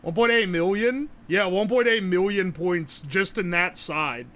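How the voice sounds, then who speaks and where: A young man, chatting casually on a live stream, loud and joking, swearing often and laughing a lot. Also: high-pitched, a little slow. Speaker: livestreamer.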